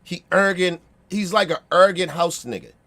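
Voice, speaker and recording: A man's voice: sits high, animated, brisk, pushed and bright. A man with a Baltimore accent giving a blunt, profane opinion rant, repeating himself and checking that listeners agree.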